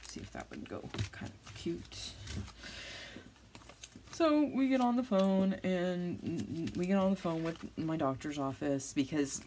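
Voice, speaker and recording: Rambling low-voiced woman crafter. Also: darkish tone, a little hiss or hum. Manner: rambling, self-deprecating storytelling while crafting. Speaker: crafting channel host. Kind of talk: chatty crafting vlog. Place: home, with dogs nearby.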